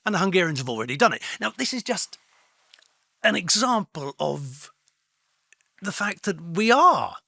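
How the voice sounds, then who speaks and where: Male co-host, animated storyteller who does voices, crisp bright timbre, gravelly edge. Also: sits high, normal speed, pauses often, dry recording, clean studio sound. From Britain. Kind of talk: casual chat.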